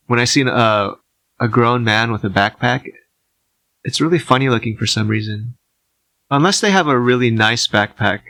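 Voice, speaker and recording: A young man hosting an ASMR podcast, rambling slowly and quietly with wry asides. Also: no room sound. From United States, outside the South. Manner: slow, low-key rambling with wry asides. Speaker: podcast host. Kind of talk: soft-spoken ASMR podcast monologue.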